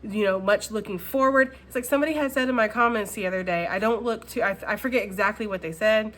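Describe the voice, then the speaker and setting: A woman's voice: medium pitch, quick pace, a bit bright. A woman talking through a casual tarot card reading at home in a chatty way. She laughs often and repeats phrases. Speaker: tarot reader.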